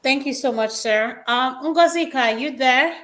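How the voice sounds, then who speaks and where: Woman host, high bright voice, soft-spoken, apologetic, faint hum. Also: moderate pace. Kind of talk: hosting a call-in discussion.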